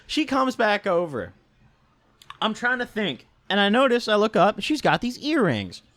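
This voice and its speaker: A man's voice: sits high, sing-song, unhurried, fairly bright tone, dry recording. A young man telling a casual storytime in a slangy manner, swearing often and tagging lines with "right?" and "dude". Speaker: vlogger.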